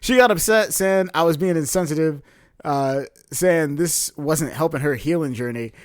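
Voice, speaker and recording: A young man co-hosting a podcast, telling a story in a casual, animated way and laughing often as he acts out what people said. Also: a little high, normal speed, dry recording, clean studio sound. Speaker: podcast co-host.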